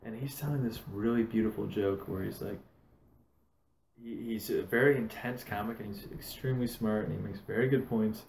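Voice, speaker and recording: A man's voice: on the low side, moderate pace, gravelly, echoey room, slight background noise, rough recording. A man hosting a casual podcast, telling stories with plenty of swearing. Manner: swears a lot, animated storytelling. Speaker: podcast host.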